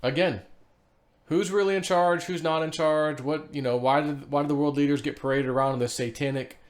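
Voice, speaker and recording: A man's voice: on the high side, brisk. A man hosting a casual solo video, reading online posts aloud and rambling through them with loose fillers and the odd chuckle. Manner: rambling, animated, laughs to himself, frequent fillers. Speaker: vlogger.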